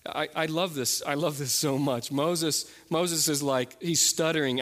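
A man preaching a sermon as pastor, earnest, often dropping to a soft, intense voice on key points. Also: on the high side, normal speed, few pauses, in a large hall.

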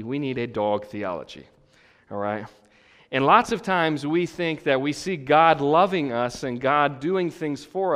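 A man preaching a sermon in a relaxed, conversational way, mixing humorous personal stories with scripture and often checking in with his listeners. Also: medium pitch. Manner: conversational and joking, frequent checks with the audience. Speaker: pastor. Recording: long hall reverb.

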